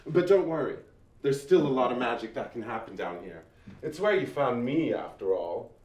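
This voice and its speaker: An actor playing a flamboyant, sarcastic male djinn spirit who speaks with theatrical, drawn-out emphasis in a film drama. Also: mid-range voice, expressive, a little mellow, natural voice. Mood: teasing. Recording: roomy echo with faint music.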